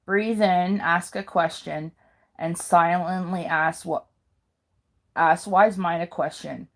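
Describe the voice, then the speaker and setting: Slow, low-voiced woman reading aloud. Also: steady tone. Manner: slow careful reading with pauses and self-corrections. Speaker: video maker.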